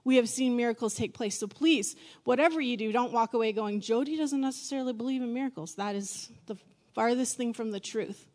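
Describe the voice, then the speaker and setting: A middle-aged woman pastor giving a sermon in a candid, conversational way, with quick self-deprecating asides. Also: on the high side, a little mellow.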